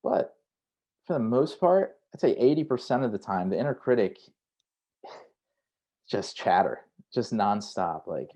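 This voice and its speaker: Lowish-voiced male career coach. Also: animated, a little slow, long pauses, mellow. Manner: conversational, frequent "right?" tags; acts out inner voices in quotes. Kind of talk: online workshop talk.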